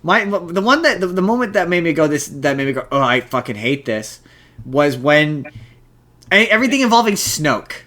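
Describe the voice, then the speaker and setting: A man hosting a podcast in casual chat, animated and sarcastic, acting out quotes. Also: high-pitched, brisk. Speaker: podcast host.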